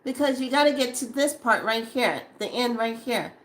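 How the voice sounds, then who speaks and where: Bright-voiced woman giving a spiritual talk. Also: fairly high pitch, moderate pace, a little hiss or hum. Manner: animated, acts out her own past lines with laughs. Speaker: spiritual speaker. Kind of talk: casual spiritual monologue to camera.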